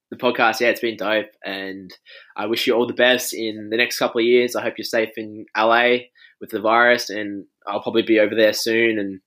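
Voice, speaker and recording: A man's voice: mid-range voice, bright, forceful tone. A young Australian man in his twenties hosting a podcast in casual chat, loose, laughing and swearing often. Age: 20s. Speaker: podcast host.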